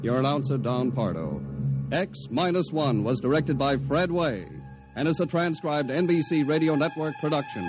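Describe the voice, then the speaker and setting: A man giving a measured, formal radio announcement. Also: fairly high pitch, lively intonation, over loud music.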